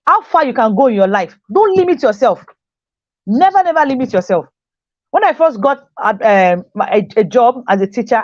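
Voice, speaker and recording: A fairly high-voiced woman teacher gives a motivational talk, pressing her points home by saying them twice. The recording is dry and dull, with a muffled lo-fi sound. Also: darkish tone, dry recording. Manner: repeats key phrases for emphasis, acts out quoted voices.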